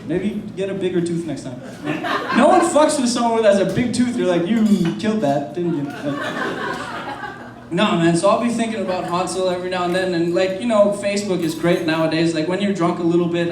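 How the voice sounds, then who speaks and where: A man from France, high-voiced, doing a loose, profane stand-up set with banter at the crowd. He is recorded from a distance in a roomy club. Background noise is clearly audible. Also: a little fast. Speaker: stand-up comedian. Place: comedy club. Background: audience laughter.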